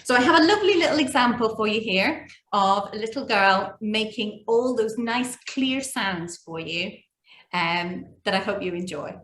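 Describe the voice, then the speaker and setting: A woman teacher introducing a phonics example to parents, gentle and encouraging. Her voice rings in a roomy, echoey space with a faint hiss underneath. She speaks at a mid pitch. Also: animated, normal speed. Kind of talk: presenting a workshop to parents. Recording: echoey room with faint noise.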